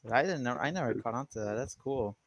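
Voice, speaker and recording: A man co-hosting a podcast, asking quick questions and reacting with surprise in casual chat. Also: mid-range voice, lively intonation, muffled recording. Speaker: podcast co-host.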